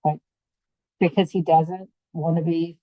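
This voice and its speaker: A woman's voice: low voice, unhurried, no room sound, highs cut off. A middle-aged woman, a grandmother and podcast guest, telling family stories in casual conversation and acting out the quotes. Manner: animated, acts out quotes in the story.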